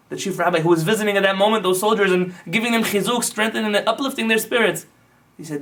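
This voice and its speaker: A man's voice: high-pitched, fast talker, few pauses, fairly bright tone, recorded from a distance. A male rabbi giving a sermon-like teaching, telling stories with impassioned, emphatic build-ups. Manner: impassioned storytelling that swells into emphatic lists.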